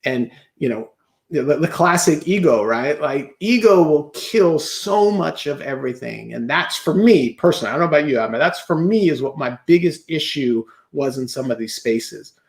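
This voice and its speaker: High-voiced man telling animated stories. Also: creaky, echoey room. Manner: animated storyteller who acts out his own past thoughts; fast bursts with rhetorical "right?" check-ins. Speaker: podcast guest, entrepreneur. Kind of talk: casual interview chat.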